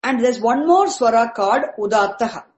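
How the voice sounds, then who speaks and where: High-pitched woman teaching Vedic chant. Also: expressive, a little mellow, poor audio. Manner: patient, repetitive, restarts words and spells out terms slowly. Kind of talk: explaining Vedic chanting accents to a class.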